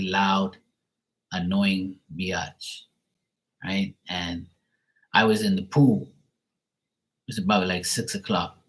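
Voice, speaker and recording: Deep voiced guy on a tarot livestream, blunt, cussing, ranting casually. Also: fairly bright tone, low-quality recording. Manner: blunt, profane, ranting with chuckles.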